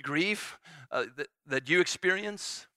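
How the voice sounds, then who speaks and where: A man's voice: high voice, slow pace, bright, forceful tone, smooth, no room sound. A middle-aged man preaching a sermon as pastor, earnest and repeating phrases for emphasis.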